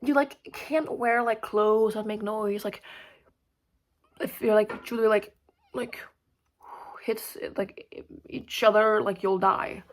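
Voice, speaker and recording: A young woman vlogging in a rambling, casual way, full of fillers and swearing, swinging between loud outbursts and mumbled asides. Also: medium pitch, steady tone, slow, long pauses. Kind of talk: casual chat to camera.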